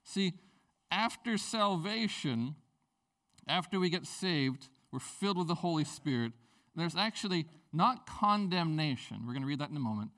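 Man, pastor, sermon, high voice, very lively pitch swings, joking asides. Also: normal speed. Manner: animated, joking asides and personal stories.

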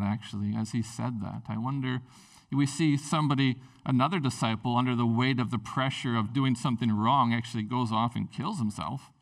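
A man preaching a sermon in a casual, animated way, with lots of fillers. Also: mid-range voice, far from the mic. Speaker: pastor.

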